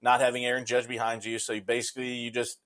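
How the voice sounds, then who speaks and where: A man's voice: mid-range voice, monotone, quick pace, a bit bright. Man, co-host, casual sports chat, laid-back, hesitant.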